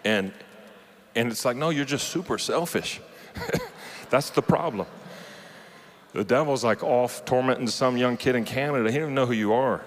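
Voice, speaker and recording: A man's voice: mid-range voice, moderate pace, long pauses, slight background noise. A man preaching a sermon at a live conference, conversational and earnest, teasing his audience now and then. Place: large conference hall. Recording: long hall reverb from a live event.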